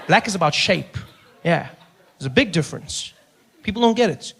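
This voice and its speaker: A South African man performing an animated stand-up comedy routine, slipping into mimicry and shouted bursts. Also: sits high, normal speed, creaky, breathy edge. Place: live comedy stage.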